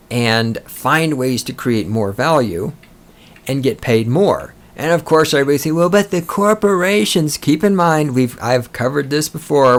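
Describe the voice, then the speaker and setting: A man hosting a podcast, ranting with sarcastic, profane, mocking commentary. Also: medium pitch. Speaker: podcast host.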